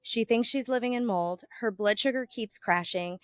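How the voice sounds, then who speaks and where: A woman hosts a casual health podcast, chatting in a somewhat high voice. She tells stories with animation, acting out quoted lines and leaning on "like" as a filler. The sound is close and dry, with no room echo. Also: moderate pace, clean tone. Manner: animated storyteller, acts out quoted exchanges with sudden lifts in pitch and volume; frequent "like" fillers. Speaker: podcast host and health coach.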